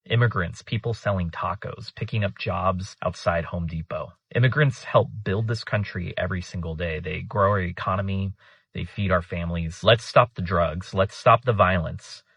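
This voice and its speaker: A man delivering a firm, measured prepared statement with rhetorical repetition. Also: deep voice, vocal fry, a bit bright, breathy edge, dry recording, studio quality.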